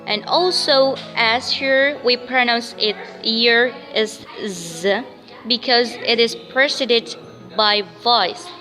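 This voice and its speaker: Slow, bright-voiced woman teaching pronunciation. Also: fairly high pitch, in a large hall, soft background music, rough recording. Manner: slow, repeats words and sounds for drilling. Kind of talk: pronunciation lesson with drills.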